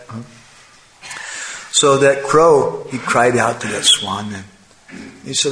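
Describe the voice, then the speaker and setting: A man telling a moral fable as part of a religious talk, animated, with frequent tag questions and chuckling asides. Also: mid-range voice, slow, pauses often. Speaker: religious storyteller. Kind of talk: sermon storytelling. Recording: echoey room.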